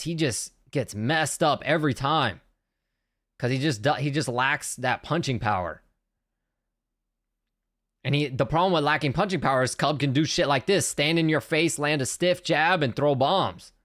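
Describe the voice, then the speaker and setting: A man hosting a livestream watch party, giving casual, excitable play-by-play of a fight and swearing freely. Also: fairly high pitch. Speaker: livestream host.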